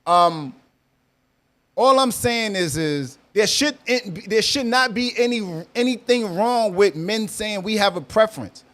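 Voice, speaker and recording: A man's voice: sits high, expressive, a little slow, fairly bright tone. A man hosting a live audio chat room, talking casually and animatedly, often repeating himself and teasing guests.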